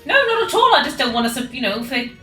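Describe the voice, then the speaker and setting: A woman's voice: sits high, sing-song, very fast, fairly bright tone, reverberant, soft background music. A woman playing a tabletop game, chatting casually and playfully with the group. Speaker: player.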